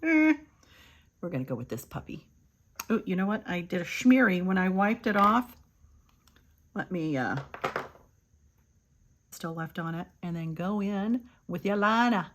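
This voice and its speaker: An older woman giving a chatty makeup tutorial, calling her viewers "kids" and sometimes dropping to a soft murmur. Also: lowish voice, very animated, a little slow, pauses often. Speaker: beauty vlogger.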